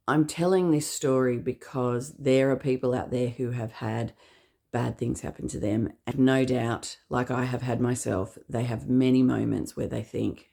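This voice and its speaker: A woman in her fifties with an Australian accent, telling a personal story in an earnest, measured way. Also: rumbling low, creaky. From England. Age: 50s. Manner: earnest, measured, dropping quiet at grave moments. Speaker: speaker.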